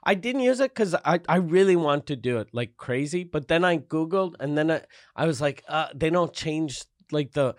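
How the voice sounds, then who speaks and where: A man chats as a podcast guest in a loose, profane way. His voice sits slightly high. It is recorded close and dry. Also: lively intonation, normal speed, hardly any pauses, no room sound. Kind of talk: casual podcast chat.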